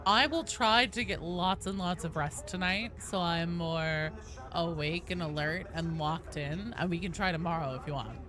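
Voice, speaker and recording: A young woman streaming a game, chatting casually and greeting viewers with bursts of excitement. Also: on the low side, moderate pace, over music. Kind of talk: casual gaming stream chat.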